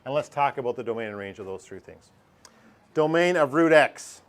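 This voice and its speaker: A man leads a math lesson in a classroom. His talk is conversational and full of jokes. His pitch sits in the middle of the male range. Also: lively intonation, normal speed. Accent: Canadian. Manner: joking, conversational explainer. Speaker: math teacher.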